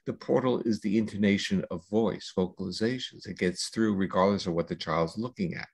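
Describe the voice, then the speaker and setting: An older man speaks as a scientist guest in a podcast interview, laying out ideas at length in a measured, lecturing manner. His voice sits low and gravelly, with a husky edge. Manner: measured, lecturing with long explanations. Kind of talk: explanatory interview talk.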